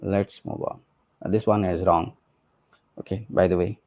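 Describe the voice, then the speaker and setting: Guy demoing software, mellow low-key voice, lots of uh and okay. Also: steady tone, moderate pace. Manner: conversational, many fillers and tag questions like "right?" and "okay". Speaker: presenter. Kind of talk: technical walkthrough of a screen demo.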